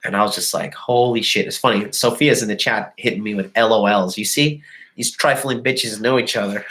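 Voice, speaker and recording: A man's voice: fairly low pitch, brisk, rough recording. Man telling a crude story. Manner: crude, profane, animated storytelling with mocking quoted voices. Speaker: host. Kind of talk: casual storytelling to a live chat.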